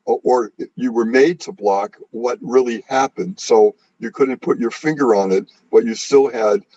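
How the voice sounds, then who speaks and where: A man hosts an interview over a video call, his voice a little husky and dry. He reacts with sympathy and muses gently on his guest's story. The audio sounds dull and lo-fi. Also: mid-range voice, a little slow, no room sound. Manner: sympathetic, reflective, asks gently. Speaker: interview host. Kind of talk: casual interview chat.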